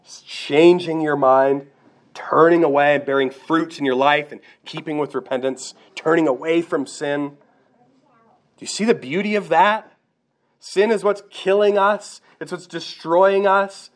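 A man's voice: fairly high pitch, steady tone, unhurried. A man preaching a sermon, earnest and direct, asking his listeners rhetorical questions. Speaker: pastor.

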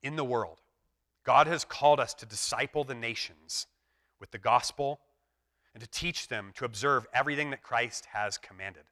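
A man's voice: medium pitch, moderate pace, pushed and bright. A man preaching a sermon in an earnest, emphatic way. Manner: earnest, emphatic preaching that acts out quoted voices. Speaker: pastor.

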